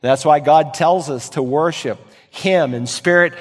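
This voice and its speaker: A man's voice: on the high side, a little slow. Preaching man in an echoing hall. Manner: preaching with dramatic swings in volume and emphasis. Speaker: pastor. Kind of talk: sermon.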